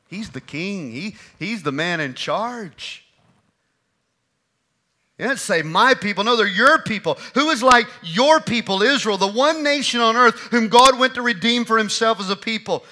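Pastor guy preaching in church, high bright voice, gets loud then drops real quiet. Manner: preaching with swings between loud emphasis and hushed lows. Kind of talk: sermon. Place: church sanctuary.

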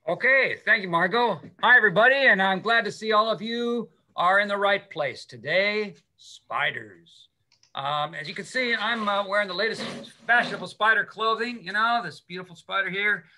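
A middle-aged man who teaches middle school science appears as a guest speaker on a video call, giving an animated, chatty public talk with slides and checking in with "okay?". His voice is high-pitched, pushed and bright, at a normal speed, with a little hiss or hum.

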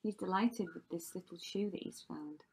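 Reading a rhyming story aloud to kids, this primary school teacher has a husky, slightly mellow voice on the low side and speaks at normal speed. The performance is dramatic, with frequent drops to a whisper.

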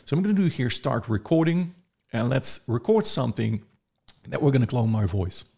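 Man, casual software demo, slightly gravelly, loose chatty delivery. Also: mid-range voice, sing-song, moderate pace. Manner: chatty, loose, thinking aloud. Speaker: software reviewer. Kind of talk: casual screen-recorded tutorial.

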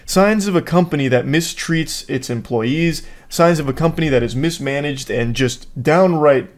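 A man's voice: a little high, normal speed. A man narrating a commentary video in a dry, sardonic way. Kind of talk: scripted commentary.

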